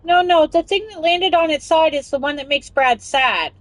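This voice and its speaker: A woman's voice: high voice, moderate pace, no echo, poor audio. A woman hosting a casual chat show, reading news aloud and rambling off on tangents with giggles. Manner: rambling, giggly, talks over herself. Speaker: podcast host.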